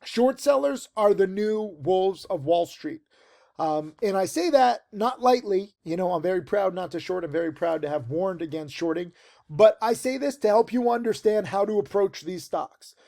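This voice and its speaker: A man in his forties teaches trading in a casual, rambling video monologue recorded in a tent outdoors. His voice sits high and sounds gravelly and warm, expressive at a moderate pace. He speaks emphatically, piling on fillers as he wanders.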